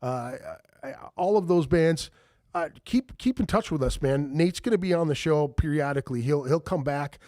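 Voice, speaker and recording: A male podcast host with a slightly higher voice who chats loosely, swears freely and fills his sentences with "uh" and "you know". The sound is dry and close to the mic. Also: normal speed, darkish tone, no room sound. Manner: loose, swearing, rambling with many fillers. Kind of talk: casual chat.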